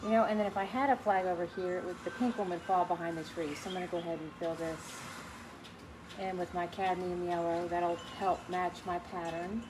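A middle-aged woman teaching a live online painting class in a gentle, chatty way, greeting viewers by name as she works. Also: lowish voice, steady tone, fairly quick, background noise. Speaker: painting instructor.

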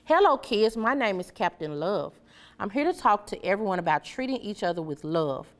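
Woman reading as Captain Love, gentle caped hero. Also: mid-range voice, big pitch swings, normal speed, voice pushed up, close to an everyday voice. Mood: cheerful. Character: kind caped male superhero, gentle and reassuring.

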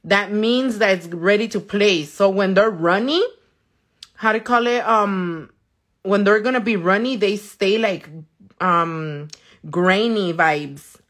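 A woman's voice: medium pitch, takes it slowly, a bit bright. A woman nail artist talking casually while she works, telling stories lots of swearing and slipping into now and then. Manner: loose and profane, chatty, reads viewer comments. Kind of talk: casual storytelling while working.

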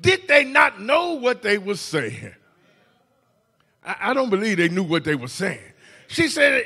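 A man preaching a Mother's Day sermon in church, shouting in bursts, stammering on repeated words and calling out to the congregation. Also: high-pitched, big pitch swings, measured pace, creaky, pauses often, slightly rough. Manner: calls "hello, somebody" to the congregation. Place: church sanctuary.

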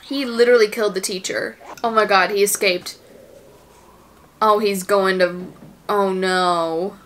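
A woman's voice: medium pitch, fairly even intonation, unhurried, fairly bright tone, slight background noise. A woman giving casual commentary as she reacts to a movie, exclaiming and gasping at the screen, anxious and near tears for the characters.

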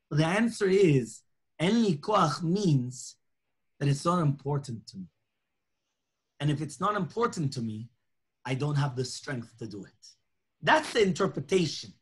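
A man's voice: fairly high pitch, measured pace, pauses often, breathy edge. A man, a rabbi, teaching a lunchtime Torah class, telling stories and acting out the dialogue. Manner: animated storytelling, acting out dialogue.

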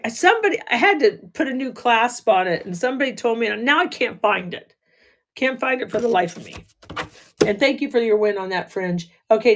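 A raspy-voiced woman running a live online jewelry auction, chatting with bidders, laughing often and thanking them by name. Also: a little high. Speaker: livestream jewelry seller. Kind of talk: live auction selling chat.

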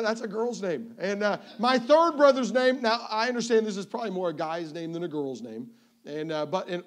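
Evangelist, male, 50s: high voice, playful self-mocking pulpit storyteller. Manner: playful, self-mocking storyteller who often repeats his first word. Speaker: evangelist preacher. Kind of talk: sermon with humorous family stories.

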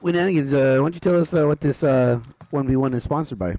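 A man doing casual, excitable commentary on an online game match, with loud exclamations at big plays. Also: mid-range voice, fast, slight background noise.

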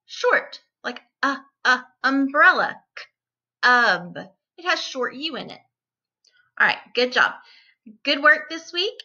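A woman teacher giving a distance-learning phonics lesson to young children, repeating each word and sounding it out deliberately. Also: a little high, bright, forceful tone, highs cut off.

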